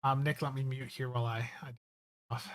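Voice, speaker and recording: A man's voice: medium pitch, little pitch movement, brisk. A man hosting a live game stream, chatting in an easygoing, rambling way with plenty of fillers. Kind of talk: casual live-stream chat.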